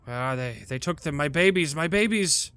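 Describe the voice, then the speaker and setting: A man's voice: on the high side, lively intonation, moderate pace, fairly bright tone, smooth, no echo, soft background music. A man voicing an anguished old female dragon who laments her lost children in a wailing voice.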